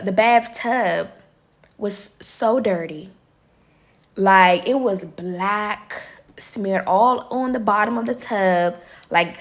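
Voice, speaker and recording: Young woman vlogger, high and animated, chatty storyteller who swears casually. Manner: animated, chatty, swears freely, addresses viewers as y'all. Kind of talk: storytime chat while doing nails.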